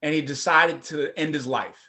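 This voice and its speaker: A middle-aged man, a former prosecutor, telling his personal story at a forum in a lively, conversational way. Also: on the high side, moderate pace. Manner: animated, conversational, acts out voices.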